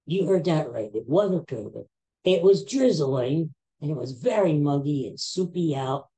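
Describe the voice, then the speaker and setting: A man's voice: on the high side, lively intonation, measured pace, dark tone, slightly rough. A man in his sixties with a Philadelphia accent, hosting a podcast as a casual chat and telling rambling stories with self-mocking asides. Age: 60s. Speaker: podcast host.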